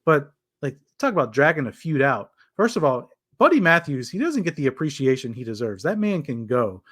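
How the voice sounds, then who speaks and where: A man's voice: mid-range voice, very animated, fairly quick, fairly bright tone, no echo. A man co-hosting a casual wrestling podcast, rambling with many restarts and hesitations. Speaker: podcast co-host.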